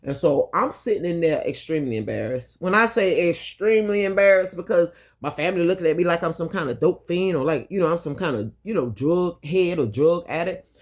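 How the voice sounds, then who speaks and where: A woman's voice: on the low side, lively intonation, fairly quick, few pauses. Candid woman telling a storytime. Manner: candid, emphatic, swears freely; addresses viewers directly, repeats herself for emphasis. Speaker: vlogger. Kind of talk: storytime monologue to camera.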